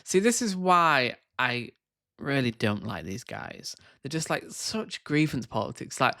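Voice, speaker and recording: A man's voice: fairly high pitch, sing-song, unhurried, bright, forceful tone, dry recording, clean studio sound. A man giving reaction commentary on video clips, scornful and sarcastic in his asides.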